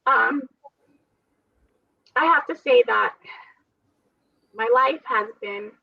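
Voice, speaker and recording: A woman's voice: mid-range voice, creaky, husky, no room sound. A woman who survived a transplant, telling her story in an interview in an earnest, faith-filled way with frequent laughter. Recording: dull, dry sound from a distant mic.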